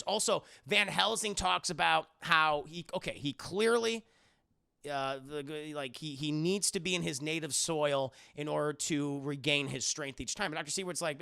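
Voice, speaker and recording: A man's voice: on the high side, normal speed, gravelly, bright, forceful tone, clean tone. A man casually retelling a horror film for a spoiler review, swearing and joking as he goes. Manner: profane, jokey retelling.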